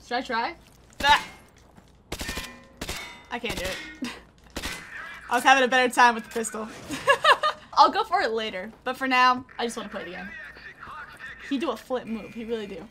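Casting: high, lively female streamer, chatty and excitable, laughs a lot. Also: normal speed, pauses often, a little hiss or hum. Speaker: gaming streamer. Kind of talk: casual live gameplay commentary.

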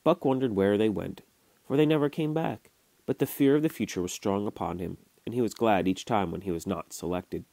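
A man reading a classic novel aloud to his children, at a steady storytelling pace with small restarts. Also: on the low side, brisk, vocal fry, no room sound. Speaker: father reading to his kids. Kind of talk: audiobook narration. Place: home recording.

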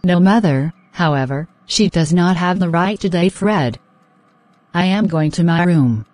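A woman voicing a jealous, hot-tempered young woman in an animated drama, indignant and dramatic. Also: lowish voice, a little slow, dry recording.

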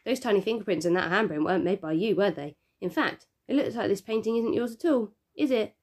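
A woman's voice: mid-range voice, animated, fairly quick, close to an everyday voice. Woman playing a smug TV reporter. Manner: bright, probing broadcast delivery.

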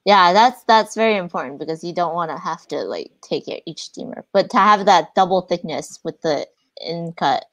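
A woman's voice: on the low side, animated, normal speed, few pauses, a bit bright, no echo. Chatty woman streamer, dry sound. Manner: chatty, thinks aloud, laughs often. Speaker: streamer host. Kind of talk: casual board game play chat.

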